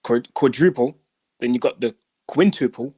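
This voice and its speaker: A man's voice: medium pitch, normal speed, dark tone, slightly rough, no room sound, clean studio sound. A man on a football podcast, laid-back and slangy. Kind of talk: casual podcast chat.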